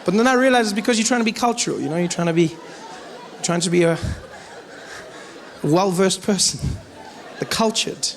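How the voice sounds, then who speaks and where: A South African man performs stand-up on a theatre stage, his voice sitting a little high. He tells stories in an animated way and slips in accent impressions. Faint room noise sits under the stage microphone. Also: moderate pace, long pauses, some chatter behind. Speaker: stand-up comedian. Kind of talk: stand-up comedy. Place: large theatre stage before a live audience.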